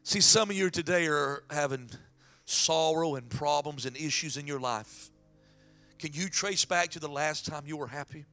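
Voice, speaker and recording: A man preaching a sermon as pastor, dropping to whispers and rising to shouts. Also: a little high, moderate pace, faint music behind. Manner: dramatic swings from hushed whispers to shouting.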